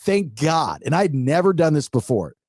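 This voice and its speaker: A man's voice: on the high side, moderate pace, breathy edge, dry recording, studio quality. A middle-aged man co-hosting a podcast, telling a story in casual chat and acting out what people said. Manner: animated storyteller who acts out what people said. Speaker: podcast co-host.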